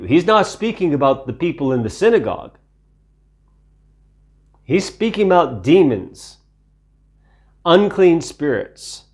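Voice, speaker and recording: A man from Ukraine teaching the Bible in a sermon style, deliberate, repeating phrases for emphasis and asking rhetorical questions. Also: fairly high pitch, big pitch swings, darkish tone.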